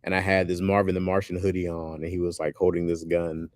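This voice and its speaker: Casual male streamer, deep voice, dry close sound, animated and loose. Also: quick pace, dry recording. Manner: loose and animated, says "bro" often. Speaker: streamer chatting with viewers. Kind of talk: casual chat.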